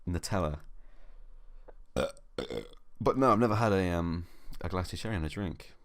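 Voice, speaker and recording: Young male co-host, very deep voice, dry rambling comic delivery, dead close mic. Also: normal speed, fairly bright tone, no room sound. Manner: dry, rambling, swears freely. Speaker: podcast co-host. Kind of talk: comedic casual chat.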